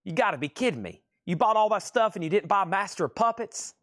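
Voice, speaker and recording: A man voicing an incredulous adult male metal drummer, pleading in disbelief in a quick impression. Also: high voice, lively intonation, fairly bright tone, dry recording, studio quality, voice pushed up. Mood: disbelieving.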